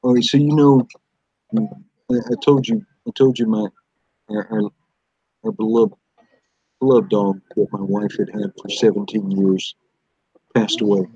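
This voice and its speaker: A man talking earnestly on a casual live stream, laughing often, with a husky voice. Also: mid-range voice, sing-song, a little slow, long pauses, mellow, dry recording. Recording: dull dry online audio.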